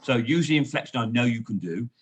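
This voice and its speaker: A man, a sales trainer and guest, coaching in a lively, emphatic way. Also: medium pitch, fast talker, slightly rough. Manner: lively, emphatic coaching with frequent "you know". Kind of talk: coaching conversation.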